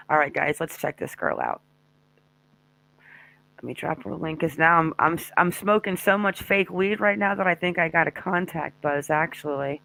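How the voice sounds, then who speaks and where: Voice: mid-range voice, animated, moderate pace, gravelly, sharp tone. A live-stream host chatting casually and jokingly with viewers from a home den. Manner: joking, chatty, addresses chat directly.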